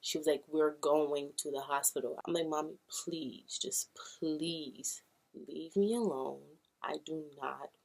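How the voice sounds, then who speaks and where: This Brooklyn vlogger, a young adult woman, has a low, slightly rough voice with a bit of mellowness. Talking casually to camera about something that happened to her, she performs the quoted voices of the people involved.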